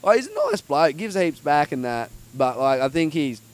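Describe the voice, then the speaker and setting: An Australian man hosting a podcast in relaxed, casual chat with easy swearing. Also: on the high side, normal speed. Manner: laid-back, swears casually. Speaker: podcast host.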